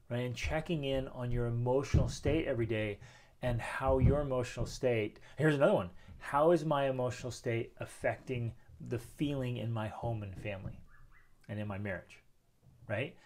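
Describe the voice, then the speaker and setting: A man's voice: medium pitch, normal speed, darkish tone. A man in his thirties hosting a motivational talk at home, speaking emphatically and posing rhetorical questions. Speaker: host. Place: home with children playing nearby.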